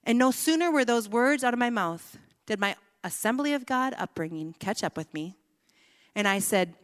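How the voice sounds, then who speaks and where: A woman preaches her own story with earnest emotion, her voice falling quiet on the heaviest words. Her mid-pitched voice carries through a large hall with a long reverb tail. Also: expressive, moderate pace. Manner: emotional and earnest, dropping soft on key words. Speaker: speaker giving a testimony. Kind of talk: sermon-style personal testimony.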